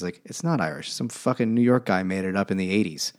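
Give me a man with a low voice rambling through stories on a casual book podcast, filler words and all. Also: fast, a little mellow. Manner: rambling storyteller, lots of filler "like", swears. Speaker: podcast co-host. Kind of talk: casual chat over beers.

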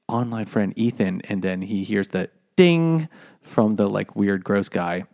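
A man's voice: fairly low pitch, unhurried, darkish tone, dry recording, clean studio sound. A man casually retelling a novel's plot on a book podcast, rambling with lots of fillers. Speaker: podcast co-host.

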